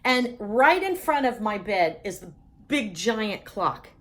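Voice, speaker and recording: A middle-aged woman tells a personal story in a lively, humorous way and breaks into laughter often. Her voice sits at an ordinary pitch for a woman. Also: slow.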